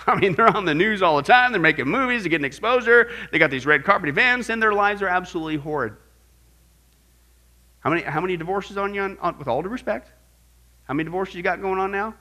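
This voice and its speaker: A male pastor delivering a sermon in a bright, forceful voice. He talks in an animated, joking way and keeps asking his congregation rhetorical questions. His voice sits fairly high.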